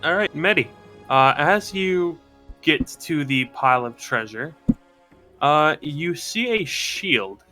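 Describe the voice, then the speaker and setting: A man narrating as game master, halting and rambling with many fillers. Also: fairly high pitch, animated, bright, forceful tone, soft background music. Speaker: dungeon master.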